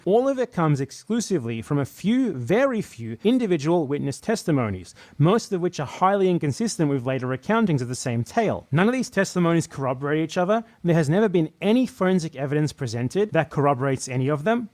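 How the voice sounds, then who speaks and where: A male video-essay narrator reads a scripted argument in a measured, steady way. His pitch sits a little high, and the recording is dry and close. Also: dry recording.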